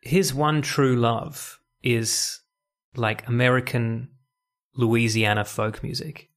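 A man in his thirties on a casual podcast who teases his friends with dry sarcasm. His voice sits at a plain middle pitch. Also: steady tone, slow. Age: 30s. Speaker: podcast co-host. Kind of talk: casual chat.

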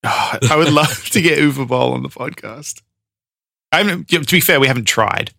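A man co-hosting a podcast in casual chat, animated, laughing often and swearing freely. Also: medium pitch, moderate pace, creaky, dry recording, studio quality. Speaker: podcast co-host.

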